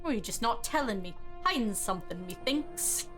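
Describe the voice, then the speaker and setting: A woman voicing a heavy-set, suspicious man who speaks gruffly and brusquely. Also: fairly high pitch, expressive, normal speed, over music, lightly acted.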